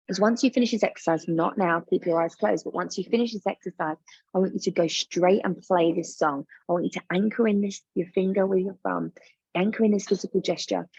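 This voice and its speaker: Gravelly-voiced woman coaching a guided exercise. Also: fairly low pitch, darkish tone, dry recording, dull audio. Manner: soothing, encouraging, repeats instructions. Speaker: business coach.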